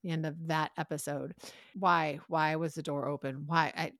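A woman co-hosting a podcast, recapping a TV episode in an animated, breathless way with rapid asides. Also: low-pitched. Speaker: podcast co-host. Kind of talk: casual chat recapping a TV episode.

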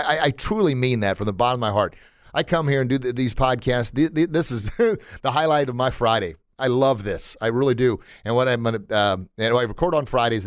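A man hosting a motivational podcast from a studio, talking with bursts of energy and leaps up in pitch as he tells stories. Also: dry recording. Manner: energetic, storytelling, often jumping up in pitch. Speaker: podcast host.

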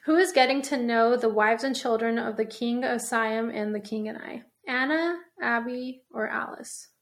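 Playful young woman with gravelly fry. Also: on the high side. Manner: playful, laughs often, slows down to read questions. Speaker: podcast co-host. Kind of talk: casual chat, reading quiz questions.

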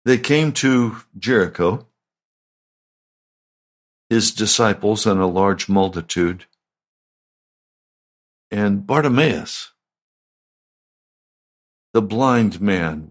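A male pastor delivering a radio sermon, asking slow, emphatic questions. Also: fairly low pitch.

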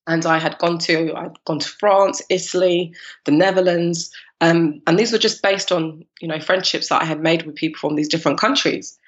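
A woman from East London in her thirties with a London accent, telling her story as a podcast guest in an animated, laughing way. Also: fairly low pitch, normal speed, muffled recording. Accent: London English. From East London, England. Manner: animated, laughing, acts out her past self in quotes. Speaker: guest, cupcake business founder.

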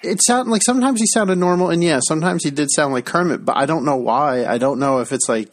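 A man's voice: fairly high pitch, quick pace. A man co-hosting a casual pop-culture chat, rambling and hesitant, with casual swearing. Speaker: podcast co-host.

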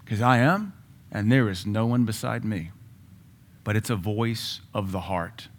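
A man preaching a sermon in a low voice, as if talking to the congregation. He moves between casual asides and sudden emphatic bursts. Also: lively intonation, measured pace. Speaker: pastor.

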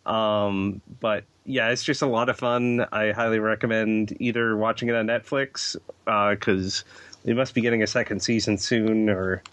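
A man's voice: lowish voice, little pitch movement, moderate pace, fairly bright tone, no room sound. A man appearing as a podcast guest, recommending a show in a chatty way, with his speech full of "like" and "um". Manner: filler-heavy, chatty recommending with many "like"s. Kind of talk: casual podcast chat.

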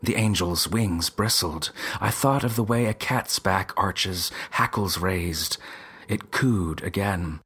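A man narrating a first-person story in a measured, dramatic way with a husky voice. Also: low-pitched, fairly bright tone.

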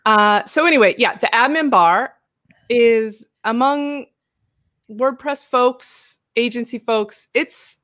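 An American woman hosting a casual live chat show, talking chattily with frequent laughs and animated asides. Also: on the high side, slow pace, no room sound, clean studio sound. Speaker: host.

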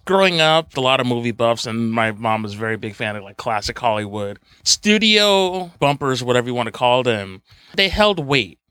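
A man co-hosting a podcast in casual chat, lively and emphatic, laughing easily. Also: mid-range voice, normal speed, clear, resonant tone, dry recording. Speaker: podcast co-host.

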